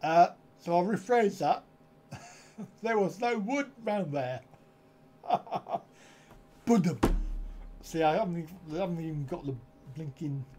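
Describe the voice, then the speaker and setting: A man's voice: high voice, a little mellow, a little hiss or hum. A middle-aged man, hosting a casual live stream with jokey, chuckling banter from home. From United Kingdom.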